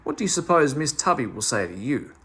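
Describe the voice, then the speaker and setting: A man's voice: mid-range voice, very animated, a little fast, bright, forceful tone. A man voicing a muddled, well-meaning male busybody in a storybook read-aloud, fussy and self-assured. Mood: fussy scolding.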